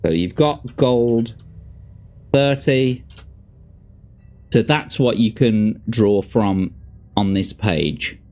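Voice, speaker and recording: A man's voice: on the low side, very slow, pauses often. A man hosting a show, reading a fantasy gamebook aloud to a guest and chatting casually between the passages. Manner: lively, expressive reading with relaxed asides. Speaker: host and gamebook reader.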